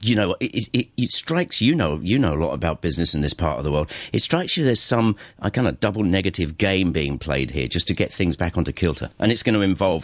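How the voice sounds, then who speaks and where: A man's voice: sits low, animated, no echo. A man hosting a radio show, chatting casually with a guest and laughing easily. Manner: chatty, quick to joke and laugh. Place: radio studio.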